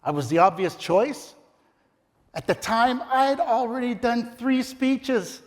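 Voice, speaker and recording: A middle-aged man with a very high voice, speaking a little slowly, gives a theatrical, comic story speech as a contestant in a competition. The recording carries the reverb of the large ballroom he's in.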